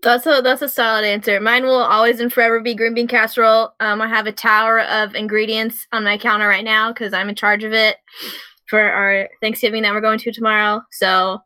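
A woman's voice: on the high side, level tone, a little fast, sharp tone, no room sound. A woman co-hosting a podcast, chatting in an easygoing, agreeable way. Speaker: podcast co-host. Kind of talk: casual chat.

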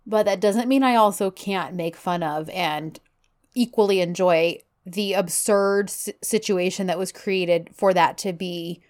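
A woman's voice: lowish voice, a little slow, darkish tone. A woman co-hosting a podcast, chatting casually and animatedly retelling scenes from a romance series, acting out the lines with laughter. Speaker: podcast co-host.

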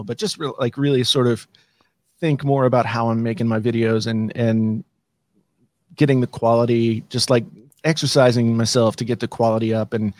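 Man, podcast guest, easygoing storytelling, mid-pitched voice, dry close recording. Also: a little mellow, no room sound. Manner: easygoing storytelling, repeats words as he thinks. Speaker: podcast guest, YouTube creator. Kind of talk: casual chat.

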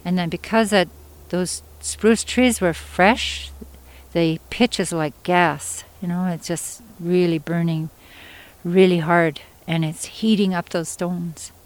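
A woman storyteller from Yukon, Canada, telling a traditional story in an unhurried, conversational way with pauses and asides. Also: on the low side, steady tone, rough recording. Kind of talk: oral storytelling.

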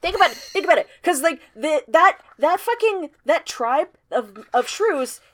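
A woman co-hosting a casual book podcast, swearing freely and acting out scenes in quick quoted voices. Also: high-pitched, very animated, dry recording. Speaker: podcast co-host. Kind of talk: casual book-club chat.

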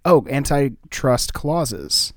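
A man's voice: mid-range voice, sing-song, very slow, no echo. Man tossing in punning asides, dry sound. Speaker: comedy co-writer. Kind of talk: casual comedy brainstorming.

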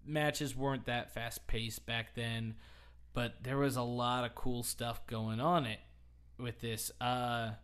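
A man hosting a casual podcast, retelling an old wrestling match in a loose, rambling way. He laughs often and gets animated at the funny bits. His voice sits at an ordinary mid pitch. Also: clear, resonant tone. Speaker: podcast host. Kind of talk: casual chat recapping wrestling.

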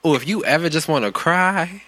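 A man co-hosting a casual podcast chat, quick and excitable. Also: fairly high pitch. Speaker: podcast co-host.

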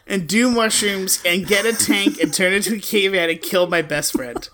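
A man's voice: high-pitched, normal speed, bright, forceful tone, slight background noise. A man co-hosting a podcast, trading profane, teasing jokes in casual banter. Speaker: podcast co-host.

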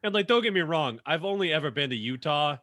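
A man's voice: a little high, lively intonation, fast, sharp tone, no echo, studio quality. A man co-hosting a casual movie chat, rambling with lots of filler words and swearing. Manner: rambling, heavy on "like" fillers, profane.

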